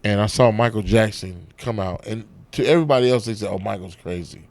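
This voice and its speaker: A man, an actor and comedian, telling profane, animated stories in a casual interview backstage at a comedy club. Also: on the low side, fast talker, no echo. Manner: profane, animated storytelling with acted-out quotes.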